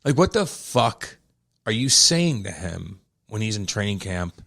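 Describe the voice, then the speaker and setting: In a low-leaning, creaky voice at a measured pace, a young podcast co-host with a St. tells energetic, profane stories in casual conversation.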